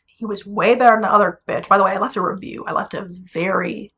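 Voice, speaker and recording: A young woman, a singer, blunt and animated, telling her own story in a casual vlog to camera. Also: mid-range voice, fast talker, creaky.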